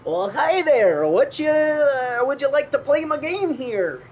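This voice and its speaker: A man's voice: extremely high pitch, very animated, measured pace, a little hiss or hum, voice pushed up, exaggerated voice. A man voicing a folksy female clown who runs a fishing game, in a drawling, sing-song voice. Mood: chirpy.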